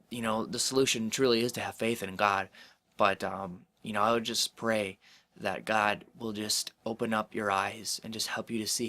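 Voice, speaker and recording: A man talks to camera about faith in a loose, earnest way, often stopping with fillers before pressing on. His voice is low-pitched but bright and forceful. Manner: rambling, many fillers, earnest and encouraging. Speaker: Christian vlogger. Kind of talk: casual devotional talk to camera.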